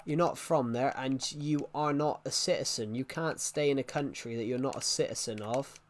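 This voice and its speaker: A man's voice: mid-range voice, moderate pace. Young male streamer, mid-range voice, rambling and opinionated, chatting with his viewers live. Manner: rambling, opinionated, answering chat comments. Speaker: gaming livestreamer.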